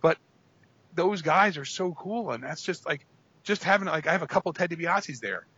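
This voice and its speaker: A man with a fairly high, expressive, husky voice that sounds pushed and bright speaks at a moderate pace, in dull lo-fi audio. As a podcast co-host in casual chat, he tells long, rambling stories heavy with fillers.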